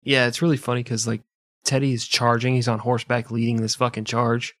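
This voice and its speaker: A man's voice: medium pitch, a little fast, dry recording, studio quality. A man co-hosting a comedy history podcast, joking and swearing in casual chat. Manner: profane, joking, animated. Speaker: podcast co-host.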